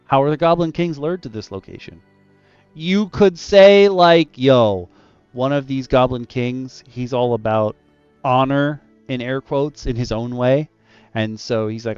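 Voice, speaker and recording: A man chatting casually about running tabletop adventures, animated and loose, with lots of "like" in his talk. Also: medium pitch, a little slow, clean tone, no room sound, dull audio, faint music behind. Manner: animated and loose, heavy use of "like". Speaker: dungeon master discussing adventure design. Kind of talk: casual roundtable chat.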